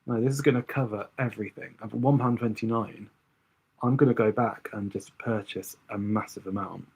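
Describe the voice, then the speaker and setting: A man's voice: fairly low pitch, steady tone, normal speed, gravelly, a little mellow, husky. A young man doing drag makeup on a livestream, chatting casually and thinking aloud to his viewers.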